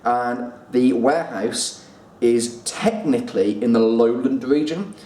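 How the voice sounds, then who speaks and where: A man giving a casual spoken review, chatty, pausing and repeating words as he thinks. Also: mid-range voice, warm tone. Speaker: whisky reviewer. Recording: roomy echo, distant mic, faint room noise.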